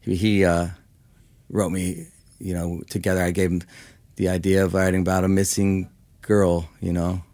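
A man in his fifties, a Los Angeles musician, rambles through a casual interview, saying "like" and "you know" a lot. The voice is low-pitched with a darkish tone and little pitch movement, delivered at a moderate pace in a dry recording.

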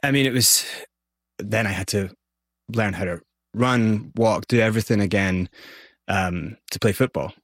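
Male interview guest, Scottish accent, low-pitched, candid, dry close sound. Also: unhurried, long pauses, no echo. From Scotland. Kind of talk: personal storytelling.

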